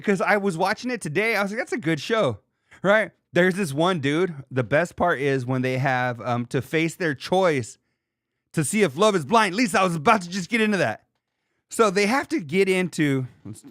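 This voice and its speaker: A man in his thirties hosting a podcast in casual chat, animated and profane, reading comments from a live chat. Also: on the high side, no echo, clean studio sound. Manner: animated, profane, laughs and mimics people. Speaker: podcast host.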